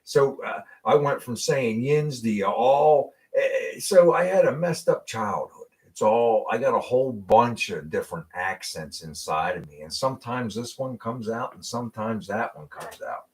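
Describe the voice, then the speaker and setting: A man's voice: medium pitch, expressive, moderate pace, few pauses. A middle-aged man from Western Pennsylvania hosting a casual car hobby chat. He laughs often and repeats words as he gets going. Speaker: host of a car hobby live show.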